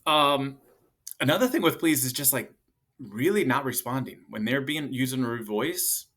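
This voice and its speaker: A man in his thirties talks through parenting tips in a loose, chatty way, with plenty of fillers. His pitch sits in the middle for a man. Now and then he lifts his voice to play out what a parent or child might say. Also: lively intonation, moderate pace, a bit bright. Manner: loose and chatty, acts out parent and kid lines in a higher voice. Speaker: parenting coach. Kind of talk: casual advice talk to camera.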